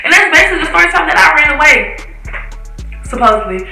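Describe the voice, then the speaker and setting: A woman's voice: high-pitched, fast, gravelly. A young woman around eighteen, a vlogger telling a storytime in casual slang, swearing and acting out what people said. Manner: animated, slangy, swears, acts out quotes. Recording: echoey room with faint music.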